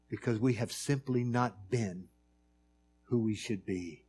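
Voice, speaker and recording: A man's voice: mid-range voice, fairly even intonation, normal speed, slightly rough. Man preaching a rhythmic sermon. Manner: swings from hushed pleading to loud emphatic storytelling; repetitive, rhythmic phrasing.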